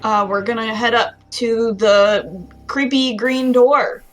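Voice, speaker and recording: A woman chatting casually as a player in a tabletop game, quick and upbeat. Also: a little high, steady tone. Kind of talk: casual chat.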